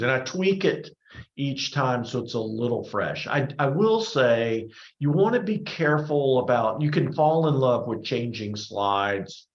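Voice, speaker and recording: Male presenter fielding questions; casual, restarting phrases; echoey, dull recording. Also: mid-range voice. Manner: conversational, repeats words while rethinking. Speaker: workshop presenter. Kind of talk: answering audience questions. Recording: roomy, dull lo-fi sound.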